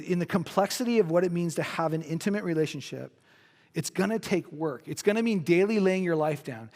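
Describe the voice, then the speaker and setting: A man preaching a sermon as pastor, casual and joking, with animated asides. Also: sits high. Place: church sanctuary. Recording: long church-hall reverb.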